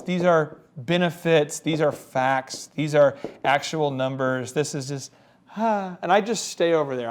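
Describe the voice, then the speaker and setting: A man in casual business podcast chat, an animated and self-deprecating storyteller who often acts out how other people talk. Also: on the high side.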